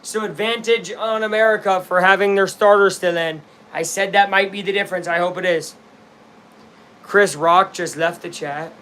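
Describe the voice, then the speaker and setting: A young man giving casual play-by-play as he watches a baseball game live, rambling between pitches and bursting into shouts at big hits. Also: fairly even intonation, normal speed. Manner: chatty, rambling, erupts into shouts at big plays.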